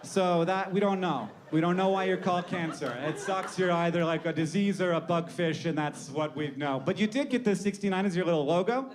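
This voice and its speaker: High-voiced man with rambling jokes. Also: fairly quick, few pauses, a crowd in the background. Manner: rambling, wry, profane. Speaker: comedian. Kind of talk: comedic monologue. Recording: noisy recording.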